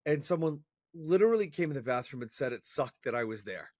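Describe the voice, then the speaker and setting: A man's voice: on the high side, brisk, dry recording. Chatty man telling a story, dry sound. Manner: energetic, chatty storyteller with fillers and restarts. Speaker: interview guest, professional speaker. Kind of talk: casual storytelling in conversation.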